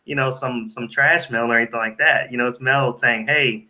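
A man with a bright, forceful voice hosts the interview, talking in a loose way with lots of fillers and restarts. His sound comes through a dull, lo-fi remote line. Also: mid-range voice, fairly even intonation, a little fast. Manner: loose, hesitant, many fillers and laughs. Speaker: interview host. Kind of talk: casual interview chat.

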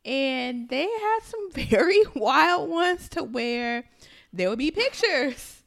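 A young woman with a high voice, talking in a loose, casual podcast chat. She tells stories in an animated way and swears freely. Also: slow, gravelly. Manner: animated, profane storytelling. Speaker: podcast co-host.

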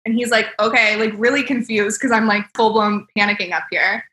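A woman's voice: medium pitch, fairly even intonation, fairly quick, bright, forceful tone. Bubbly young woman telling stories, roomy. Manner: bubbly, laughs often, heavy use of "like". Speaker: celebrity makeup artist guest. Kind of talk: casual podcast storytelling. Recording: roomy echo.

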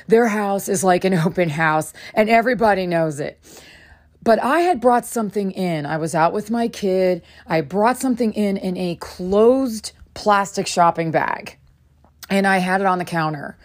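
A woman hosting a podcast, telling a personal story in a casual, animated way and acting out the dialogue. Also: medium pitch. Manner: animated, acts out dialogue with quick bursts. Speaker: podcast host.

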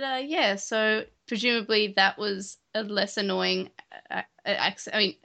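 A woman's voice: medium pitch, fairly even intonation, a little slow, creaky, pushed and bright. A woman co-hosting a podcast in casual chat, chatty and rambling. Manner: chatty, rambling with restarts and fillers. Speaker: podcast co-host.

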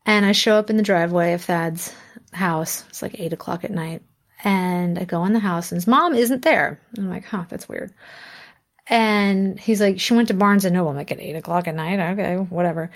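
A woman in her thirties, a musician guest, telling a story in a relaxed interview. She talks in a lively, animated way, often laughs mid-sentence and acts out the lines people said. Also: on the low side, moderate pace.

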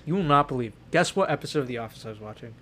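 A man's voice: mid-range voice, lively intonation, very fast, sharp tone, a little hiss or hum. Rambling young man telling a story. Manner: rambling, heavy use of fillers like "like" and "you know". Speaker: podcast co-host. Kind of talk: casual chat, storytelling.

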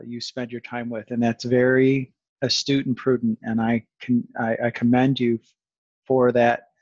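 A man's voice: medium pitch, no room sound, muffled recording. A man hosting a conversational interview, rambling and self-aware with sarcastic asides. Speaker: podcast host.

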